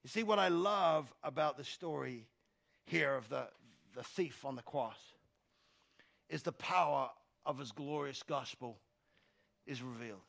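Gravelly preacher, lively delivery. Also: male voice, medium pitch, unhurried, long pauses. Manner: energetic preaching, swings from soft asides to loud exhortation; repeats words when starting a phrase. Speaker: pastor. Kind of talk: sermon. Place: church stage.

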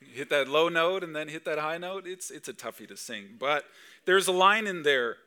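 Here a pastor's voice sits on the high side, smooth but sharp in tone, moving at a normal speed. He preaches a Christmas Eve church sermon in a chatty way, asking the crowd one rhetorical question after another.

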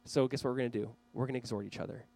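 A man's voice: mid-range voice, fairly even intonation, racing, vocal fry, darkish tone, slightly rough, poor audio. A man preaching a sermon as pastor, earnestly urging his listeners. He speaks straight to a camera for viewers watching online.

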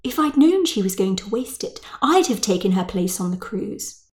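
A self-pitying, snobbish middle-aged mother from a spoken storybook, as a woman puts her on. She whines and grumbles in a plaintive voice that climbs high. Her complaints are delivered in a middle pitch that often peaks upward. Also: big pitch swings, normal speed, natural voice. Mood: complaining.

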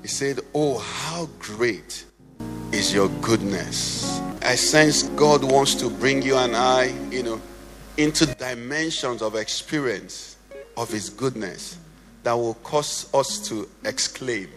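A man preaching and leading prayer in church, with a passionate sing-song delivery that rises to shouts and falls to a hush. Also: medium pitch, slow. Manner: impassioned, sing-song cadence, swells to shouts then drops to hushed prayer. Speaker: pastor. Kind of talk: sermon and led prayer. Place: church sanctuary. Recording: reverberant church hall with faint music.

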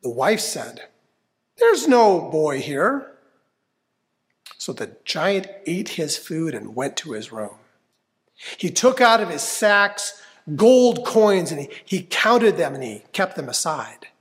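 A man's voice: on the high side, sing-song, a little slow, fairly bright tone. A man reading a fairy tale aloud expressively, inviting listeners to join in. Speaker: storyteller. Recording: long hall reverb.

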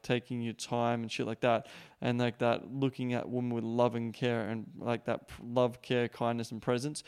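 A young man talks in a blunt, rambling and heavily profane coaching monologue. His voice is gravelly, with a smooth, clear core, and his pitch stays flat and level. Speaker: podcast host. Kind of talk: casual monologue podcast.

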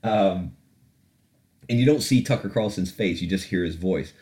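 Speaking in a low, dark voice at an ordinary pace, this man hosts a laid-back opinion podcast. His talk wanders, punctuated by occasional laughter and plenty of cursing.

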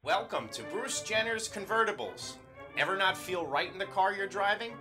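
A man's voice: high-pitched, lively intonation, moderate pace, over music. A man voicing a brash car dealer in a spoof radio ad, with salesman patter. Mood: salesy.

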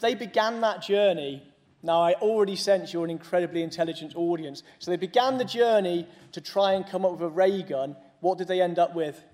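A man's voice: sits high, fairly quick, darkish tone. A man giving a conference keynote speech, mixing serious points with humorous asides to the audience. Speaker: conference speaker.

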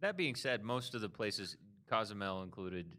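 A low-voiced man with a bright, forceful tone and lively pitch chats casually. He keeps his replies short, agrees often and drops in dry jokes. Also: normal speed. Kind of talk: casual chat.

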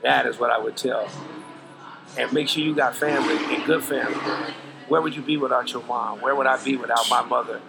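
A man's voice: mid-range voice, steady tone, fairly quick, creaky, loud music behind the voice, poor audio. A middle-aged man, a podcast guest, giving earnest, preachy life advice in casual talk full of slang. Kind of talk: casual interview chat.

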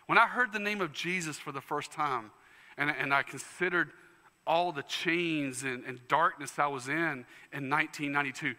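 A man preaching a sermon as pastor, passionate, dropping to hushed tones and rising to fervent declarations. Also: medium pitch, unhurried, big-room sound. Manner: impassioned preaching, swings from hushed to loud. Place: church sanctuary.

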